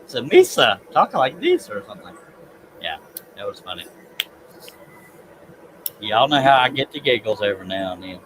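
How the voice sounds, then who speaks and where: A man's voice: fairly low pitch, moderate pace, long pauses, noisy background. A man with a Southern US accent hosting a casual live stream, chatty and giggly as he reads comments aloud. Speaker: livestream host.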